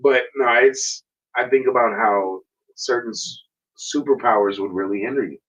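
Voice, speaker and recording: A man co-hosting a podcast in loose, profane conversation and animated storytelling. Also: medium pitch, moderate pace. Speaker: podcast co-host. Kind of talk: casual chat. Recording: dull lo-fi sound.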